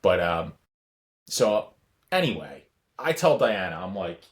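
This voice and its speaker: A man with a very low, deep voice chats casually on a podcast. He tells loose, self-deprecating stories with plenty of restarts. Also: sing-song, measured pace. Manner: rambling, self-deprecating storyteller. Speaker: podcast co-host. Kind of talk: casual chat.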